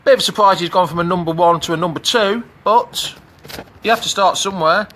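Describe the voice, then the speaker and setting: A man's voice: high voice, brisk, fairly bright tone, a little hiss or hum. Chatty Midlands man livestreaming from a pool. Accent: English Midlands. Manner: chatty, greets viewers by name. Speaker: fan channel host. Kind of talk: live-streamed casual chat. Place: outdoors in a swimming pool. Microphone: phone camera.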